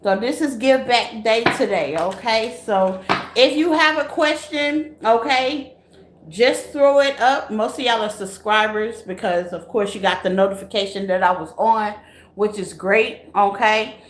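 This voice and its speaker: A woman hosting a casual live tarot reading, talking to her viewers. She laughs often and bursts into loud exclamations. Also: fairly high pitch, a little slow, echoey room, noisy background.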